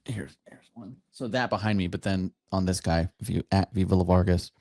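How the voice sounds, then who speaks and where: Deep-voiced man in joking chat. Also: fairly even intonation, noisy background. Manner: jokey, playful, quick to laugh. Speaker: podcast guest, soldier and content creator. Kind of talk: casual chat.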